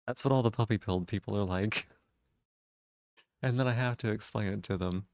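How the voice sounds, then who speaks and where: A man's voice: lowish voice, normal speed, pauses often, a little mellow, no echo, clean studio sound. A man live-streaming, chatting casually with viewers in a teasing way and swearing freely.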